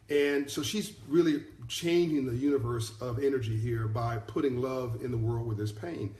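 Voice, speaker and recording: A man's voice: mid-range voice, fairly even intonation, normal speed, few pauses, warm tone. A middle-aged man giving a motivational talk on a live stream, repeating his key lines and rambling with restarts. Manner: rambling, many fillers and restarts. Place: in South Africa, on a live broadcast. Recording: echoey room.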